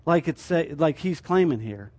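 A man's voice: a little high, animated, normal speed, darkish tone. A man teaching a sermon as a church teacher, explaining his points through rhetorical questions.

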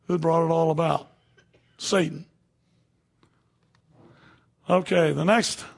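A man's voice: fairly high pitch, vocal fry, a little mellow. A man preaching a sermon to a room of people, talking conversationally and checking in with "okay?" and "you know" as he goes.

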